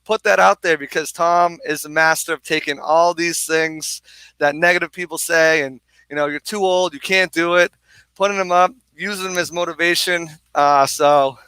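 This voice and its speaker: A man co-hosting a live sports watch-party stream outdoors on a bar deck, excitedly reading viewer comments and a little out of breath. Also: fairly high pitch, moderate pace, clear, resonant tone, no room sound, poor audio. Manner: hyped, energetic, reads viewer comments aloud.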